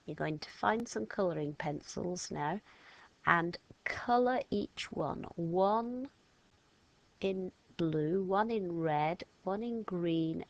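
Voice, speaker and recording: A woman's voice: sits low, low-quality recording. A woman teaching a step-by-step lesson to children, patiently demonstrating each sound with an action. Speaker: language teacher.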